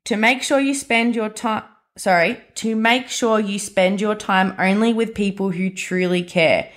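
A woman in her twenties with an Australian accent talks through a casual solo podcast. She is chatty and emphatic, with lots of fillers and self-corrections. Her voice sits at an ordinary middle pitch for a woman. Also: measured pace. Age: 20s. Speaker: podcast host.

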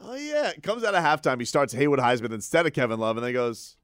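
A man's voice: mid-range voice, smooth, no room sound, clean studio sound. A man hosting a sports radio show, bantering casually with his co-hosts and joking around. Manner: animated, joking, quick to shout out lines.

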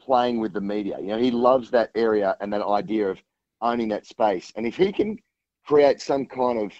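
A lower-voiced man chats about rugby on a sports radio show, circling his points with plenty of restarts and fillers. His voice comes through a dull, muffled line that sounds very dry. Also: animated, moderate pace, darkish tone, no room sound. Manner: rambling, many restarts and fillers. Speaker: rugby guest on the phone. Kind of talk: casual radio chat.

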